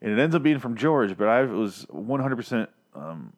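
A man's voice: mid-range voice, very animated, moderate pace. A man casually reviewing a TV episode, rambling and swearing with frequent restarts. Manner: rambling, profane, many restarts. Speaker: podcast host reviewing a TV episode.

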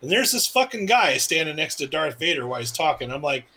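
A man's voice: a little high, fast talker, breathy edge, rough recording. A man co-hosting a podcast, rambling casually about movies with plenty of cursing. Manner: relaxed, rambling, curse-laced storytelling. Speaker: podcast co-host.

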